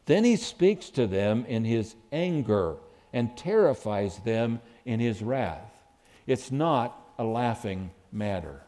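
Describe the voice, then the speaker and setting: A man's voice: mid-range voice, sing-song, slow, mellow. A man preaching a sermon who acts out quoted lines with sudden rises and dips in his voice.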